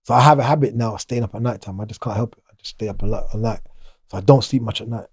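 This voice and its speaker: Fast-talking man, rambling. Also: lowish voice, a little mellow, slightly rough, no echo, studio quality. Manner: fast, rambling, restarts sentences. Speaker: guest, former prisoner. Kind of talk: casual interview talk.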